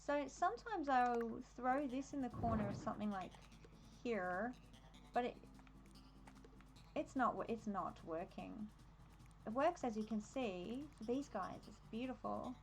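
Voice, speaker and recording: A woman's voice: a little high, animated, a little slow, faint music behind, rough recording. A young adult woman with an Australian accent, chatting casually on a live stream while decorating in a game, easily distracted and laughing often.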